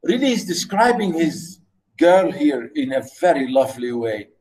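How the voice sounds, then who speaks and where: A man giving a university lecture on poetry, reading verse aloud slowly and often repeating himself with fillers. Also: fairly high pitch, sing-song, a little mellow, rough recording. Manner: slow, with frequent repetitions and fillers.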